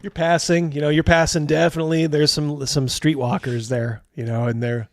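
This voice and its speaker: Male game master, casual and rambling, higher voice, dry close sound. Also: level tone, normal speed, dry recording. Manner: casual, rambling, laughs often. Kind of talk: narrating a tabletop game.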